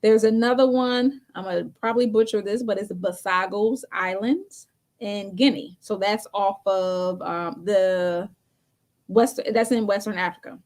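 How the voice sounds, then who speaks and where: A woman's voice: medium pitch, unhurried, darkish tone. A woman co-hosting a talk show, telling a story in a casual, chatty way and laughing often between phrases.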